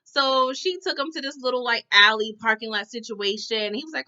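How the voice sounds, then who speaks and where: Sassy lady recapping a show, bright forceful voice, kinda muffled lo-fi audio. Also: a little high, brisk, clear, resonant tone. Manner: chatty, full of "you know" and "okay?" tags; sassy slangy asides. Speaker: TV recap reviewer. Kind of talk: casual recap chat. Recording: dull lo-fi sound.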